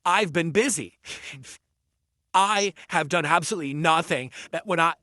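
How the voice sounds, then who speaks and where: A man's voice: a little high, normal speed, pushed and bright, no room sound, clean studio sound. A man livestreaming and reading out super chats in a casual, teasing, mocking way, swearing freely.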